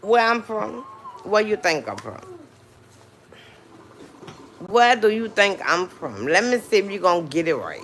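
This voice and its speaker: A woman's voice: mid-range voice, very animated, measured pace, pauses often, slight background noise. A woman with a New Orleans accent chatting casually to her livestream viewers, drawling and dropping frequent mm-hmms. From New Orleans, Louisiana. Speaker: livestream host.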